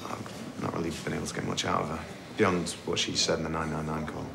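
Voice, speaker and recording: An actor playing a cautious police officer in a TV soap drama, measured and careful. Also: male voice, rumbling low, level tone, gravelly, full character voice. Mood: calm. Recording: TV drama with background noise.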